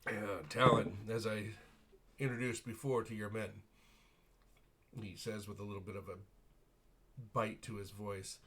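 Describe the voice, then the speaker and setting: A man's voice: on the low side, little pitch movement, a little slow, long pauses, background noise. Chuckling male game master. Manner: casual, chuckling, many fillers. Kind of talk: narrating a tabletop game on a live stream.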